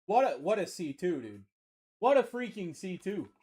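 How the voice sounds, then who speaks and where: A man from Maine with a Maine accent hosts a live card-breaking stream, calling pulls with energetic, slangy banter and shouting over big hits. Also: high-pitched, normal speed. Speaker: card-breaking livestream host. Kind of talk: excited live sales commentary.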